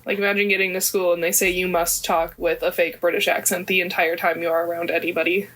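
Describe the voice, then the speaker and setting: A woman's voice: on the low side, level tone, fast talker, a bit bright, rough recording. A woman co-hosting a podcast in casual discussion, speaking in a wry, opinionated way. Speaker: podcast co-host.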